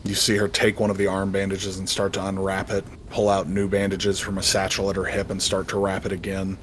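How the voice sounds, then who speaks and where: Low, flat-voiced man narrating a game. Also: slight background noise. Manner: slow, descriptive storytelling. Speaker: dungeon master.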